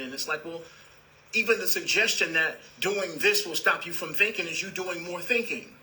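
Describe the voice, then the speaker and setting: A man gives a spiritual talk in a very bright, sharp-edged voice that sits a bit high. He is calm and repetitive, and he calls his listeners "beloved" as he teaches. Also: normal speed, a little hiss or hum, rough recording.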